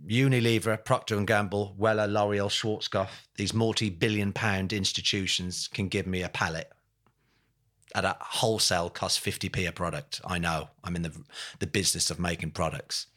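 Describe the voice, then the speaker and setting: Being interviewed as a podcast guest, this man tells a story with passion that builds into angry emphasis and blunt swearing. His voice sits low and a bit bright, with fairly even intonation and a moderate pace, and he talks in lists and repeated phrases, often calling the host mate.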